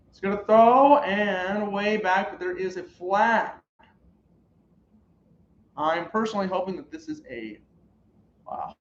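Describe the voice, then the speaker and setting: Excitable young man reacting to football. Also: sits high. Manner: excitable, shouts at big plays. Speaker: sports streamer. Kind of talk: live game reaction commentary. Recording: roomy, dull lo-fi live stream audio.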